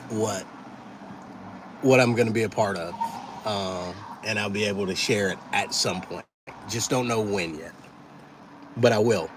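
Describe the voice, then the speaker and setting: A man's voice: on the low side, slight background noise. A man hosting a casual livestream, chatting easily with viewers and thanking them one by one. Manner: easygoing, thanks viewers by name, talks while eating. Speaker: livestream host.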